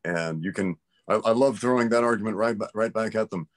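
A man's voice: on the low side, brisk. A man in a casual interview conversation, explaining his views emphatically and with strong opinions.

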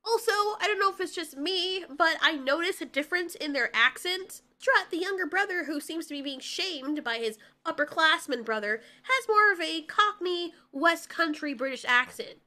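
A woman talks through a cartoon film recap in a sarcastic, joking way. Her voice is very high and bright. She keeps it casual, like chatting to viewers. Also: lively intonation, normal speed, hardly any pauses. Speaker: video reviewer.

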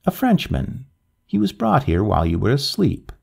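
Man doing a prickly woman nurse, curt, high voice, gravelly, husky, storybook reading. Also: huge pitch swings, normal speed, darkish tone, heavily acted. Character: blunt, touchy woman hospital nurse.

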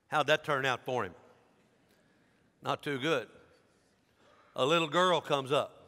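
A man, a pastor preaching a sermon in an animated, dramatic storytelling manner. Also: on the high side, moderate pace, long pauses. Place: large church sanctuary. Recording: long church hall reverb.

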